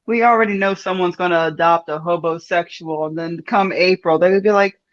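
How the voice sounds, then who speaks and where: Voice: mid-range voice, fairly even intonation, fairly quick. A speaker making joking, mocking side comments on a stream. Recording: dull lo-fi sound.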